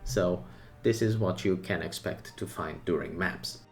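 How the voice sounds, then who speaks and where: A man as a gaming content creator, giving casual commentary on a game update in short, excited bursts with his own opinions and asides. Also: deep voice, measured pace, vocal fry, faint music behind.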